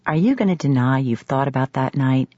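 A woman doing a gruff blunt firefighter. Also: very deep voice, lively intonation, brisk, warm tone, no room sound. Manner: curt, dry teasing. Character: tall gruff male firefighter, teasing, blunt. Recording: slightly muffled audio.

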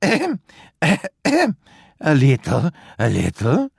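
A man's voice: big pitch swings, breathy edge, no room sound, studio quality, full character voice. A man doing a sly, coaxing big bad wolf. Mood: falsetto disguise. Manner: slow, low and coaxing. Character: sly hungry male wolf, smooth-talking.

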